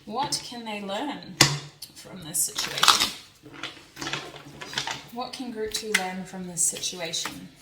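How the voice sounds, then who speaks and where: A woman's voice: medium pitch, a little slow, hardly any pauses, heavy background noise. A young woman giving a casual tarot reading, chatty and laughing often as she thinks aloud. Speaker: tarot reader. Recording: echoey room, a bit distant from mic.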